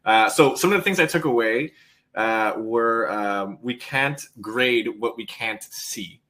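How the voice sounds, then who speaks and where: A man's voice: mid-range voice, slow, sharp tone. A man hosting the workshop, summing up takeaways with many fillers and hesitations. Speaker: host.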